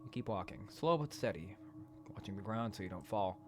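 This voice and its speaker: A man reading a horror dating game aloud in a quiet voice, breaking into loud, profane rants between passages. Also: on the low side, animated, a little fast, background noise. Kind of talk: let's play narration and commentary.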